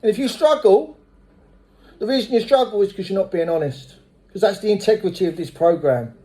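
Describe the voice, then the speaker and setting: High-voiced blunt man. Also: fairly quick. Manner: blunt, swears freely; lively storyteller. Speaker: speaker at a recovery meeting. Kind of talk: personal recovery testimony.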